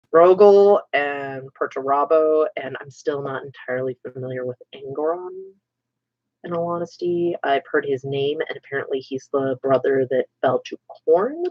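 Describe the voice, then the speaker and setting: Over dull lo-fi stream audio, a woman with a low, expressive voice chats at normal speed while painting miniatures on a livestream. She rambles, makes self-deprecating jokes, and slips into murmured asides.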